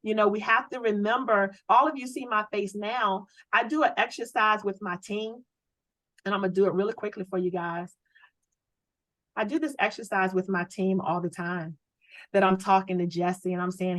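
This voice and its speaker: An energetic woman leads a sales training from her home office over a video call. Her voice sits at a middle pitch and comes through close and dry. She coaches with a preachy, rallying push and keeps asking her listeners rhetorical questions. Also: moderate pace, no echo, low-quality recording.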